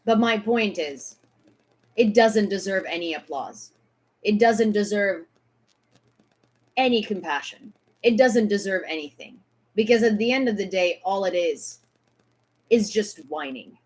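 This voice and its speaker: A woman's voice: medium pitch, expressive, unhurried, long pauses, a little mellow. A woman from Ukraine ranting on a live stream, sarcastic and heated, swearing freely as she argues. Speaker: social media creator.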